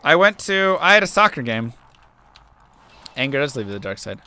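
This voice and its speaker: A man's voice: mid-range voice, sing-song, normal speed, bright, forceful tone, smooth. A young man streaming a game, chatting casually and telling an earnest story while making asides about the play. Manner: earnest storytelling, musing aloud between game remarks. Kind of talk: casual chat while playing.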